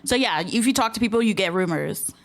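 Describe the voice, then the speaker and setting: A young woman doing casual let's-play commentary, chatty and quick to swear and laugh. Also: mid-range voice, expressive. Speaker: game streamer.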